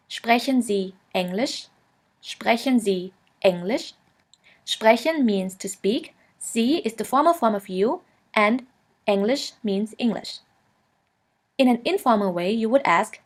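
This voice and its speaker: A woman teaching a beginner German lesson, patiently saying each phrase twice in a clear, steady way. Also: a little high. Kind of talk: slow instructional lesson, repeating each word.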